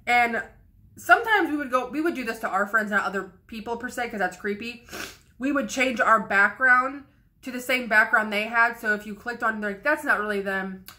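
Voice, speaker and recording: A woman's voice: a little high, normal speed, pushed and bright. A young woman vlogger telling a casual, candid story in a rambling way, swearing freely.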